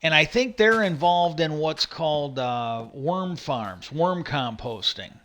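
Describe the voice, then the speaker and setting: Slow and animated, a man with a slightly high, fairly bright voice hosts a livestream. He wanders through a retold conversation, leaning on "he goes" and often restarting or filling pauses.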